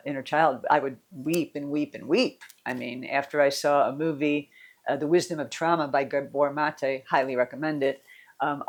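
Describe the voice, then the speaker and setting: Middle-aged female coach, casual and candid, meandering personal talk. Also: deep voice. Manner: candid, rambling, with restarts and soft laughs. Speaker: mental fitness coach.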